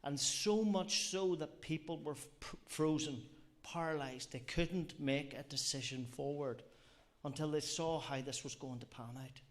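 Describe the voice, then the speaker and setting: A man's voice: a little high, measured pace. A man preaching a sermon, earnest and reflective, often repeating phrases and asking rhetorical questions. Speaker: lay preacher.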